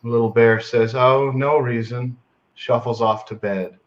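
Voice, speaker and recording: A man telling a favorite joke to friends in a dry, deadpan way. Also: medium pitch, a little slow, muffled recording.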